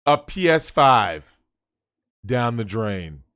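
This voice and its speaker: A man telling a story in casual chat, animated, swearing and repeating himself. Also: medium pitch, slow, clean tone. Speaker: guest.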